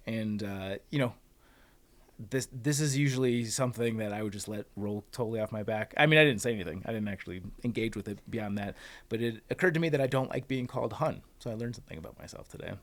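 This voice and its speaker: A man hosting a casual podcast, telling stories in a wry, relaxed way. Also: fairly low pitch. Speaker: podcast host.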